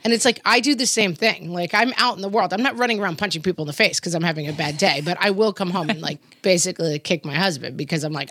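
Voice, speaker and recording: A woman's voice: lowish voice, fast, hardly any pauses, no room sound, studio quality. A middle-aged woman co-hosting a casual chat show, telling stories and acting out the voices she quotes. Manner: animated storyteller, acts out quoted voices. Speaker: podcast co-host.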